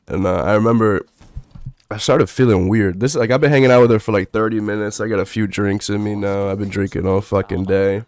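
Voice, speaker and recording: Low-voiced young man telling a story. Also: steady tone, fairly quick, a little mellow, dry recording. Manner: profane, rambling, laid-back with many fillers. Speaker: streamer. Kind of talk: casual storytelling on stream.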